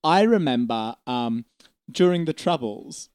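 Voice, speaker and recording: Deadpan comedy co-host, slow rambling delivery, lively pitch, improv banter. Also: smooth, no room sound, clean studio sound.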